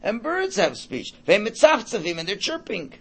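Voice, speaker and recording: A man's voice: high voice, wildly swooping pitch, moderate pace, husky. A man giving an informal Torah class in a conversational way. He repeats words while thinking aloud and mixes in Hebrew and Yiddish terms. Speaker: Torah teacher.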